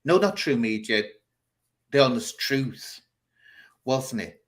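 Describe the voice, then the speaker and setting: A chatty man hosts a casual talk show, spinning a long anecdote with theatrical flair. He talks at a middling pitch and breaks into laughter now and then as he tells it. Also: expressive, slow pace. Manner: chatty, theatrical, laughs while telling stories. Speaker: host. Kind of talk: casual chat show storytelling.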